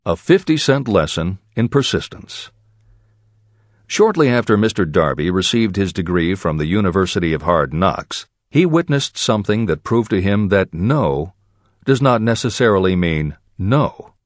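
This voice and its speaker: Role: audiobook narrator. Sex: man. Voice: low with lively intonation. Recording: dry and close. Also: normal speed, dry recording.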